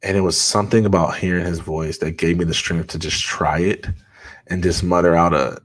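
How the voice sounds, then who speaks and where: Male podcast guest, low voice, earnest and conversational storytelling. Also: flat delivery, brisk. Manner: earnest, conversational, with frequent restarts and fillers. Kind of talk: personal storytelling in a podcast interview.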